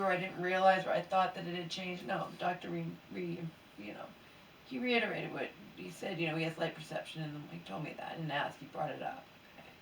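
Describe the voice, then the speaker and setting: A woman's voice: on the low side, fairly bright tone. A sleepy, mildly hungover woman venting in a rambling late-night chat that often sinks to a near whisper. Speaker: vlogger. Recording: roomy echo, mic at a distance, faint background hiss.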